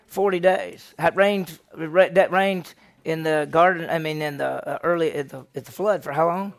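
Teaching a Bible lesson at a normal speed, this senior pastor tells the story animatedly in a gravelly, slightly high voice. He keeps putting questions to his listeners, sounding lively and conversational.

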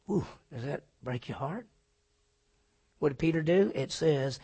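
In his sermon, this husky, gravel-voiced pastor speaks unhurriedly with long pauses, his slightly high voice full of lively intonation. He shifts from loud emphasis to near-whispers and answers the questions he puts to the congregation.

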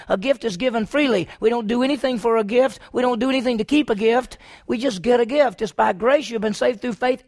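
Gravelly high-voiced preacher man. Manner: emphatic preaching with rhetorical questions. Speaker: pastor. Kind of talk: sermon.

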